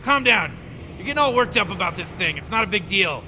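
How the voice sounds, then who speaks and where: Rick, a glib scheming old scientist. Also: male voice, high-pitched, very animated, fairly quick, pushed and bright, full character voice. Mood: placating. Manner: rambling, condescending, glib. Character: cynical mad scientist grandfather, scheming and dismissive. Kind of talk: video game voice acting. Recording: game audio with long reverb and faint noise.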